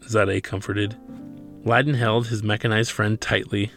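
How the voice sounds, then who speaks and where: Male author reading his own novel, with a low gravelly voice and a measured pace, over faint music. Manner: steady, measured storytelling.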